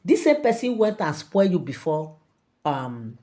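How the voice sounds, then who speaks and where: A woman's voice: low voice, sing-song, moderate pace, dark tone. A woman with a Nigerian accent hosting her channel, telling gossip and addressing her viewers directly. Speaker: channel host. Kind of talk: gossip storytelling.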